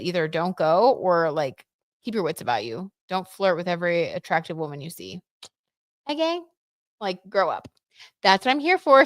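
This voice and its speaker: A young woman hosting a casual tarot livestream, chatty and animated, full of fillers and asides to her viewers. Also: lowish voice, no echo, clean studio sound. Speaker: tarot reader and livestream host.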